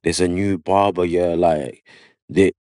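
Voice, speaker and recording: A man with a London accent, a barber telling his story in a casual podcast interview, slangy and animated, full of "yeah" and "you know what I mean". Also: deep voice, measured pace, no room sound, clean studio sound. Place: podcast studio.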